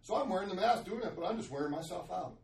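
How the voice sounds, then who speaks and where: A man's voice: sits high, animated, fast, vocal fry, echoey room, far from the mic, rough recording. A man telling his own story candidly as a guest, in an earnest, confessional way with frequent restarts. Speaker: guest sharing his testimony.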